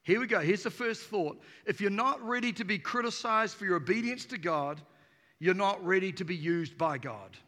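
A man preaching an energetic sermon to a congregation in a church auditorium, emphatic and playful. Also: high-pitched, normal speed. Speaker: pastor. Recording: reverberant hall.

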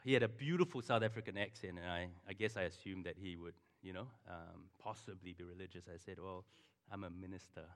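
A middle-aged pastor preaches in a church hall, its size producing a long reverb. His low voice moves at a quick pace with few pauses as he tells a personal story conversationally and turns to the congregation with asides.

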